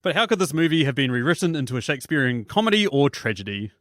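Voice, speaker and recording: A man's voice: mid-range voice, lively intonation, fast, no echo, clean studio sound. A man hosting a casual movie podcast, laughing often and acting out film lines in silly voices. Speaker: podcast host.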